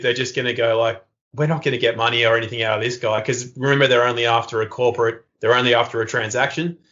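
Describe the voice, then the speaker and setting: Aussie man in his thirties, podcast guest, spins yarns and acts out the voices, muffled lo-fi sound. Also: mid-range voice. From Australia. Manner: animated, acts out quoted voices. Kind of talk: casual storytelling interview. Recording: dull lo-fi podcast audio.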